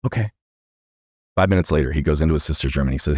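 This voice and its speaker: A middle-aged man with a low voice tells a personal story as a podcast guest, earnest and animated, tagging his points with "right?". The sound is dry and close. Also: quick pace, dry recording.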